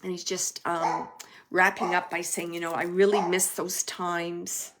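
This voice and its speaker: A woman's voice: fairly low pitch, flat delivery, a little slow, noisy background. Chatty woman medium with many fillers. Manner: drops to a soft hush at times. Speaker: medium giving readings. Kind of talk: live reading to an audience.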